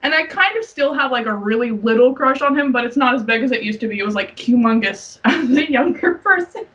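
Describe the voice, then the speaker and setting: A woman's voice: on the high side, expressive, a little fast, a bit bright, lo-fi sound. A young woman co-hosting a casual podcast chat, gushing and giggly, squealing when she acts out her younger self. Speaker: podcast co-host. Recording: distant mic, faint music.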